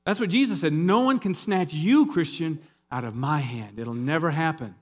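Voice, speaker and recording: Animated man preaching a sermon. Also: on the high side, moderate pace. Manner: animated, conversational preaching with jokes and asides. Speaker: pastor.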